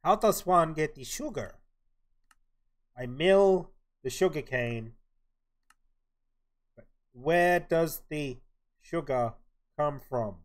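A man's voice: fairly high pitch, lively intonation, slow, long pauses. A young man streaming a game live, chatting casually and muttering his plans to himself as he plays. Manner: mumbling to himself, thinking aloud. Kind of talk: casual live-stream commentary while playing.

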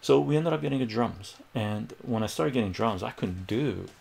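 A middle-aged man who tutors math on a stream tells a story in loose, rambling livestream chat, laughing often and acting out the voices he quotes. His voice sits at medium pitch with a normal speed, vocal fry, and a breathy edge, and he comes across as animated.

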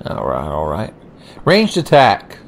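A man's voice: low-pitched, wildly swooping pitch, slow pace, a little hiss or hum. A young man giving sardonic, profane, rambling gameplay commentary. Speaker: let's play commentator.

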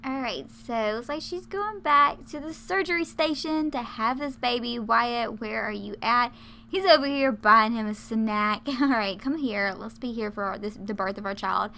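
A woman's voice: on the high side, normal speed, gravelly, bright, forceful tone, slight background noise. A woman casually commentating her life-sim game, chatty and laughing often. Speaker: let's play host.

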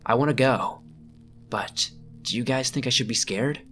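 A man reading out a first-person scary camping story as a narrator, measured and slowing down at the tense moments. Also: medium pitch, fairly bright tone, soft background music. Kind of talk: scripted narration.

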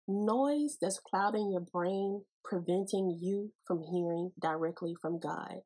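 Breathy woman teaching a devotional podcast. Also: on the low side, slow, rough recording. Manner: folksy, animated Bible teaching with playful asides. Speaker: podcast host.

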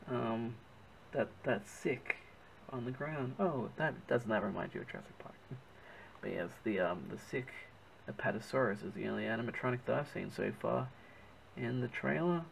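An Australian man describes his drawing in a casual, meandering way, self-correcting and pausing to find words. His medium-pitched voice moves at a normal speed with some vocal fry, over poor audio with slight background noise.

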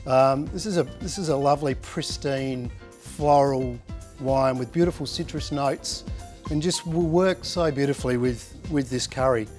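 A man presenting a wine to pair with the dish, descriptive and measured with a few fillers. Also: mid-range voice, a little mellow, soft background music. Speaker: winemaker.

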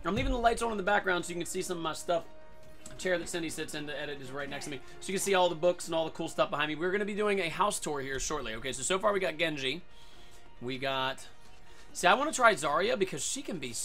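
Excitable man with a high, bright voice. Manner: excitable, loud outbursts and yelling at other players. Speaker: gaming video host. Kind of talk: live gameplay commentary. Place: home room.

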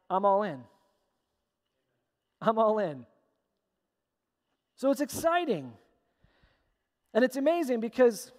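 A pastor preaching a sermon with emphatic, repeated phrases, recorded in a church sanctuary. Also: mid-range voice. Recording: long church hall reverb.

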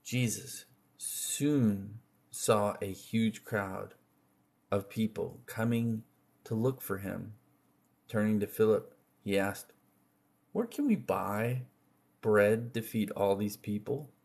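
Slow, husky male reader of scripture; low voice, measured delivery. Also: fairly even intonation, a little mellow. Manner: slow and measured, with slips and restarts. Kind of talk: unhurried reading of scripture.

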